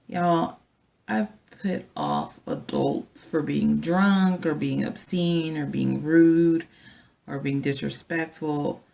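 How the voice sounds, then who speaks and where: A flight attendant, a woman, telling a story from work in a chatty, animated way and talking straight to her viewers. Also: low-pitched, slow, gravelly. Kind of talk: casual storytelling vlog.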